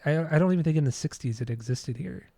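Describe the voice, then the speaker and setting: A man's voice: on the high side, fast talker, vocal fry, mellow, no echo. An American man co-hosting a podcast in casual chat, rambling and trailing off when unsure. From United States. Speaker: podcast co-host.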